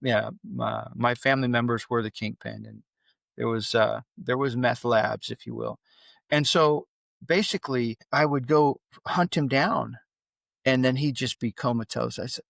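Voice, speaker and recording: A middle-aged man with a gravelly, rough-edged voice, talking as a podcast guest. He tells his stories with energy and jumps into the voices of the people in them. The sound is dry and close, with almost no room echo. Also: medium pitch, normal speed. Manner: animated storyteller who acts out quoted dialogue. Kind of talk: conversational storytelling.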